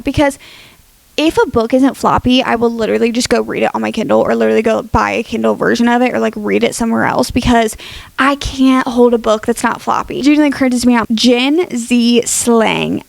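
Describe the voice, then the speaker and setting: A woman's voice: fairly high pitch, creaky, no echo. A young woman casually vlogging her opinions, chatty and dramatic with lots of filler words. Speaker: book YouTuber.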